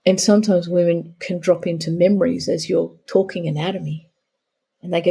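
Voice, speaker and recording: A woman's voice: on the low side, fairly even intonation, brisk, vocal fry, warm tone, slightly rough. A middle-aged woman, a guest on a podcast interview, telling stories about her work and acting out her talks with clients. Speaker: guest, pelvic therapist.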